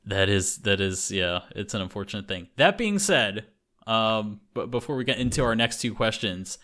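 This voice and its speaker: This podcast host, from an English-speaking country, has a fairly low, sharp-toned voice and speaks expressively at a moderate pace. He rambles through a casual chat, restarting often and using many fillers.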